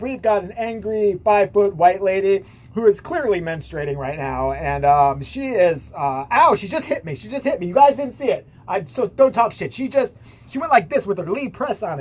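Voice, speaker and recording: A woman's voice: mid-range voice, lively intonation, moderate pace, darkish tone, slightly rough. A woman voicing a crude, aggressive male police officer who swears and bullies. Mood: blustering. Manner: profane, bullying, rambling threats.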